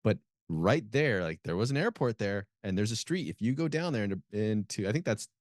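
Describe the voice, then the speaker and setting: A man with a very low voice chats easily as a podcast co-host. He talks in a relaxed, hesitant way, full of fillers and restarts. The sound is close and dry. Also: a little fast, no echo. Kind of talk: casual chat.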